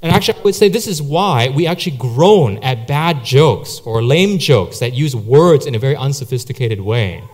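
A man's voice: medium pitch, expressive, normal speed, hardly any pauses, darkish tone. A man preaching a sermon, telling stories in a conversational way with many fillers. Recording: long hall reverb.

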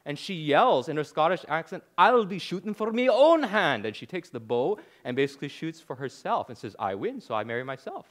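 A man in his thirties preaching a sermon, animated, with rhetorical questions and dry sarcasm. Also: on the high side. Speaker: pastor.

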